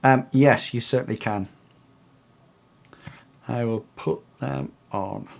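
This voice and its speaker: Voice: medium pitch, slow, vocal fry. A game master running a tabletop game, talking hesitantly with lots of ums and restarts.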